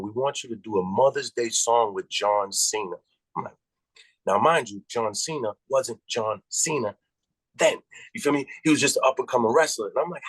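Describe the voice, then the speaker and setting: Man, 30s, from Massachusetts, rapper, casual profane storytelling, animated quoted reactions, medium pitch, dry close sound. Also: no echo, poor audio. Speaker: rapper guest.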